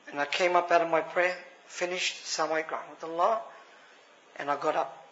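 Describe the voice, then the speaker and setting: A man's voice: on the high side, fast talker. A man with an Australian accent giving an earnest personal testimony to a gathering, addressing the listeners as brothers. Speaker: speaker sharing a personal story. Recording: dull lo-fi recording.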